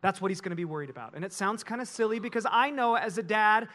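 Male pastor, high voice, animated storytelling sermon. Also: rapid-fire, hardly any pauses.

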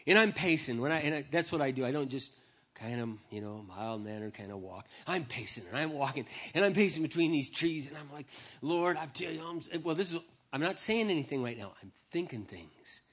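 A man's voice: fairly high pitch, lively intonation, a little fast, a bit bright, husky. A man giving a humorous, self-deprecating personal testimony to an audience, speaking into a microphone. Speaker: Christian speaker.

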